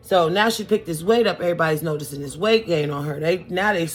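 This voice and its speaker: A woman's voice: fairly low pitch, fast, soft background music. A woman beauty vlogger telling a story in a casual, chatty, sassy and colloquial way while she does her makeup.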